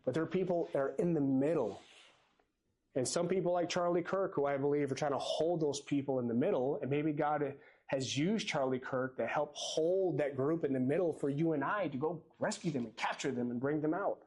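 A man's voice: a little high, a little fast, darkish tone. A man preaching a sermon from a church pulpit, earnest and exhorting in a conversational way. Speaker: lay preacher.

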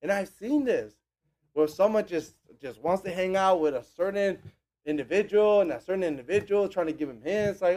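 A man preaching a sermon in an animated, conversational way, acting out the people he quotes. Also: a little high, moderate pace.

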